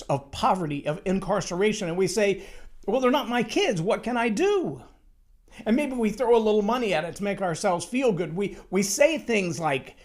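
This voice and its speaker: A man giving a motivational talk on leadership, emphatic and storytelling, acting out the quotes he tells. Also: high voice. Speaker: speaker on leadership.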